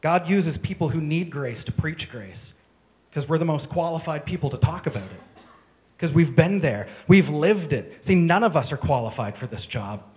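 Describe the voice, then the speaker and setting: A man's voice: on the high side, expressive, normal speed, darkish tone. A man preaching a sermon to a congregation, emphatic and driving his points home with strings of rhetorical questions. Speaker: pastor. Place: church service with congregation.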